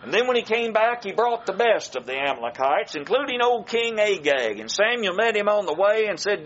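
A man preaching a sermon to his congregation, slow and emphatic, with dramatic pauses. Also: high voice, sing-song, a bit bright, dull audio, slight background noise.

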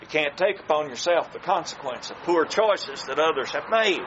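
Slow, emphatic male preacher. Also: a little high, expressive, a bit bright, dull audio, a little hiss or hum. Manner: slow, emphatic delivery with dramatic pauses. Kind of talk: sermon.

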